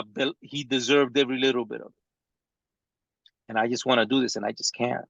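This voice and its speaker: A man telling a painful personal story in a live training talk, speaking slowly and haltingly with long pauses. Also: medium pitch, gravelly, bright, forceful tone, dry recording, muffled recording.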